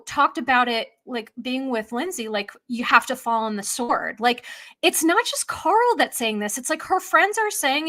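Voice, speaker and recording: A woman's voice: high voice, sharp tone. A woman therapist chatting on a podcast, giving emphatic, analytical takes on a reality show couple. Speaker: therapist guest. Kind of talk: casual podcast chat.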